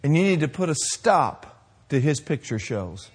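High-voiced emphatic male preacher. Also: sing-song, slightly rough. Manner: emphatic, drawn-out declarations, rising to shouts. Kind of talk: sermon.

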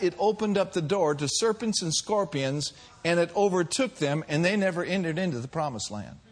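A pastor with a high, breathy-edged male voice preaches a sermon. He swings between soft, drawn-out lines and loud, shouted calls.

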